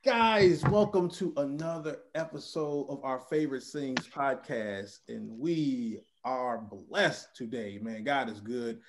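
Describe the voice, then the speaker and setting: A man hosting a casual podcast interview, animated and chatty. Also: medium pitch, takes it slowly, hardly any pauses. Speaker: podcast host.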